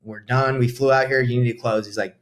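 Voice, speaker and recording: A man's voice: mid-range voice, fairly quick, slight background noise. A young man from Atlanta, a podcast guest, telling a story in casual talk and acting out what people said. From Atlanta, USA. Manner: animated, acts out quoted dialogue with lively swings. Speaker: podcast guest, real estate investor.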